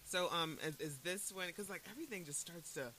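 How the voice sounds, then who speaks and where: A man's voice: high voice, a little fast, pushed and bright, rough recording. A man co-hosting a casual chat, laughing often and rambling with loose restarts. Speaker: podcast co-host. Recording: faint hiss in background.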